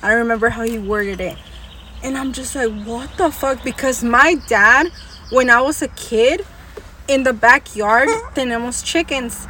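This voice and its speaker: Animated high-voiced woman, casual storytelling. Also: a little slow, slight background noise. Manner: code-switching between English and Spanish, swearing freely; animated, laughing as she tells it. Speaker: podcast co-host.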